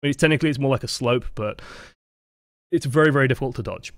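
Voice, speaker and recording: Male game coach, mid-pitched, dry close sound, chatty explainer who corrects himself mid-sentence. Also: rapid-fire, dry recording. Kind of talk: live-streamed coaching explanation.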